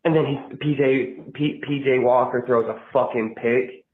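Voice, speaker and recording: A man calling in by phone to a podcast, ranting angrily and cursing, often yelling. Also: mid-range voice, steady tone, moderate pace. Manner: profane, yelling, heated. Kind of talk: angry fan rant over the phone. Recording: tinny phone line, echoey.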